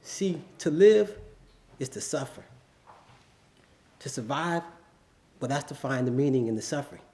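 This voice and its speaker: A man's voice: mid-range voice, animated, unhurried, mellow. A man performing a spoken word poem at an open mic, reciting in a solemn, rhythmic way. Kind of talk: spoken word poetry reading. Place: live venue before an audience.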